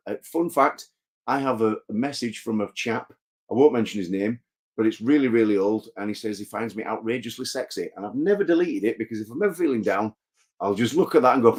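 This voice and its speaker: A man's voice: on the low side, darkish tone. A man, a wrestler guesting on an interview show, telling rambling self-deprecating stories. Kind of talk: casual interview chat.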